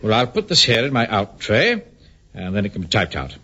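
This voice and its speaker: A man's voice: on the low side, wildly swooping pitch, fairly quick, pushed and bright, breathy edge, heavily acted. A man playing a pompous, self-important middle-aged bank manager who also leads a platoon, blustering in a radio sitcom. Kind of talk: 1970s radio sitcom acting. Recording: hissy, dull old radio recording.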